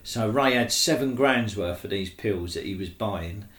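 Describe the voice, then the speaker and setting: Pria bersuara rendah, ruangan bergema. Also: male voice, lowish voice, measured pace, fairly bright tone, echoey room. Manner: chatty, slangy, tags "do you know what I mean". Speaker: interviewee. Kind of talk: casual storytelling.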